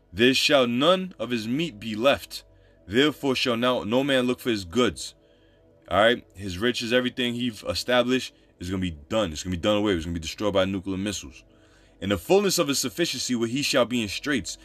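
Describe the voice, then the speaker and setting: A man's voice: medium pitch, fairly bright tone, dry recording. A man preaching a scripture study, reading verses aloud and explaining them emphatically in casual, informal phrasing. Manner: emphatic, repeats points, informal street phrasing between readings.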